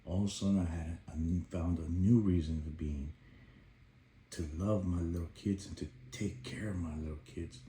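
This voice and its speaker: A man telling a personal story about helping his baby daughter, animated as he acts out his past shouts, then quieter and reflective. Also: sits low, normal speed, echoey room, slight background noise.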